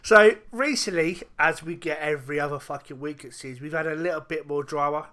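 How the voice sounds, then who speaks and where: A man's voice: fairly high pitch, brisk, bright, forceful tone. A man hosting a podcast in casual chat, laughing and swearing in friendly banter. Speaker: podcast host.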